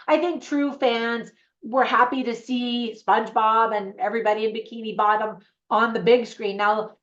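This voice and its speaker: A woman's voice: on the high side, lo-fi sound. A woman reviewing a film for viewers in a chatty, upbeat way, speaking straight to her audience. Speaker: movie reviewer. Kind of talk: casual video review.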